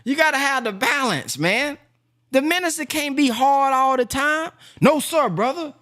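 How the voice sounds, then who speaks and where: A man who is a minister and business teacher gives a casual, heartfelt talk in a plain-spoken, animated way. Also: very high-pitched, moderate pace. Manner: animated, plain-spoken, acts out quoted voices.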